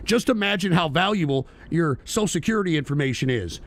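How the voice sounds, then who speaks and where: A man's voice: on the high side, expressive, fast. A male talk radio host ranting about politics, profane, heated and emphatic.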